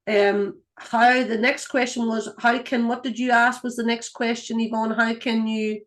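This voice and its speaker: A woman's voice: fairly high pitch, level tone, measured pace. A woman, a clairvoyant and intuitive guide, talking earnestly and rambling through stories with many restarts. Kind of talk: casual spoken teaching, storytelling.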